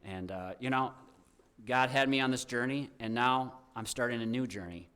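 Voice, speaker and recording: A man's voice: mid-range voice, moderate pace, a bit bright, clear, resonant tone. A young man giving an informal, heartfelt testimony to a church congregation as a guest speaker, rambling with many restarts.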